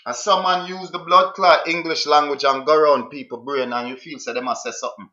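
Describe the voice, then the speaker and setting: A man breaks down a clip he is playing. His tone is bright and forward. He hammers his questions again and again. The room sounds roomy and the recording is dull and lo-fi. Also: on the high side, fairly even intonation, fairly quick. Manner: emphatic, repeats questions to drive a point. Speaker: streamer reacting to a clip. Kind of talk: commentary on a played clip.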